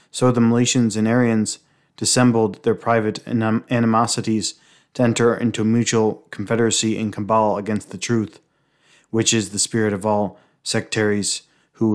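A man reading aloud from a book on the life of a saint, steady and measured, with small slips and restarts. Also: fairly low pitch. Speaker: reader.

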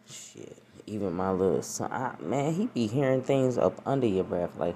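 A woman's voice: rumbling low, very animated, moderate pace, few pauses, mellow, slight background noise. A woman hosting her own podcast, chatting casually and rambling with profane, laughing asides. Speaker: podcast host. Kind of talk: casual solo podcast chat.

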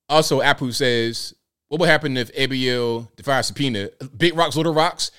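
A man's voice: medium pitch, moderate pace, fairly bright tone, clear, resonant tone. A man hosting a live call-in stream in casual, joking commentary, slangy and talking straight to his viewers. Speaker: show host.

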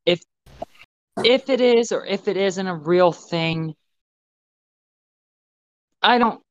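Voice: medium pitch, slow pace, no room sound. A podcast co-host in casual chat, giving blunt, profane, rambling opinions, recorded with slightly muffled audio.

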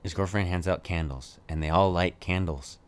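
This is a man with a notably deep, low-pitched voice, co-hosting a relaxed conversation. He rambles, restarts and pads his sentences with fillers, breaking into laughs along the way. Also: normal speed. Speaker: podcast co-host. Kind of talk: casual chat reviewing a movie.

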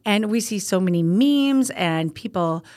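An older woman co-hosting a casual podcast, telling stories in a rambling, animated way with many restarts. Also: mid-range voice, a little slow. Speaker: podcast co-host.

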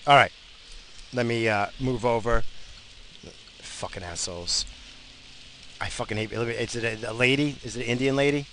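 A man talks loosely and profanely, rambling from topic to topic as he drives. His voice is bright and forward. Faint noise from the car sits behind him. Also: on the low side, fairly quick, long pauses, low-quality recording. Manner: profane, blunt, bursts of road rage. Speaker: podcast host. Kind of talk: casual rambling monologue. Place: in a car while driving.

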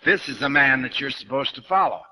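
A man's voice: mid-range voice, expressive, fairly quick, bright, forceful tone, rough recording. An older man giving a spiritual lecture to an audience, blunt and questioning, speaking straight to his listeners. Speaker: New Thought lecturer.

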